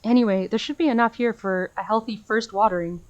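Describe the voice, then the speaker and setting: A woman's voice: medium pitch, a little fast, a little mellow, lo-fi sound. Earnest woman streamer reading a story game. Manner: earnest, emotional reading with gushing asides. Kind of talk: reading a visual novel aloud.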